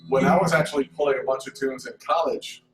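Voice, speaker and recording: Halting male music teacher, roomy distant sound. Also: medium pitch, steady tone. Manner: halting, lots of restarts and counting aloud. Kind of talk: informal recorded lesson. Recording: roomy, distant mic, faint hum.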